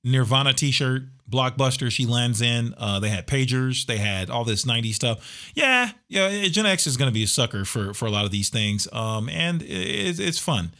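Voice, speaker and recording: A middle-aged man co-hosting a casual podcast chat, animated and quick to laugh, often trailing off into fillers. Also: medium pitch. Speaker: podcast co-host.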